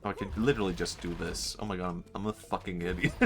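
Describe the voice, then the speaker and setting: A streamer chatting casually while gaming, musing aloud, laughing often and mocking himself. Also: male voice, low-pitched, steady tone, quick pace, creaky, faint music behind. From Sweden. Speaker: livestreamer.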